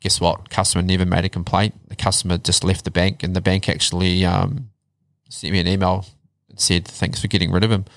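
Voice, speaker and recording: A man telling his life story in a casual chat, blunt and animated, swearing heavily. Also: low-pitched, fairly quick, gravelly, no echo. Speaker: podcast guest.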